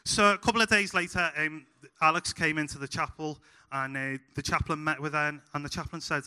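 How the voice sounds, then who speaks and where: Scouse male preacher, joking storyteller with lots of "uh"s, sharp bright tone. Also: a little high, steady tone, a little fast, clear, resonant tone. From Liverpool, England. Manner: humorous storytelling with frequent "uh" fillers. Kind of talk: sermon.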